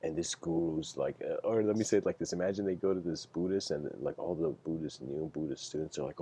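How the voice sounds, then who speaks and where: Deep-voiced man giving a rambling talk. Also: fast talker, few pauses, warm tone, slightly rough. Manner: rambling, heavy use of "like" fillers. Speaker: lecturer. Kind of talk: casual livestreamed talk.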